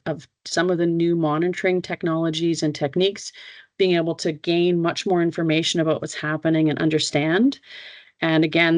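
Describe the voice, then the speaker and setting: Halting speaker at a dry mic. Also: mid-range voice, no echo. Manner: halting, with many fillers and restarts. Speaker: keynote speaker. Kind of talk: technical conference talk.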